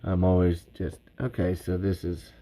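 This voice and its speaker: A man's voice: low voice, completely flat delivery, moderate pace, dark tone, a little hiss or hum. A man hosting a podcast livestream, chatting casually and rambling with many restarts. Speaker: podcast host.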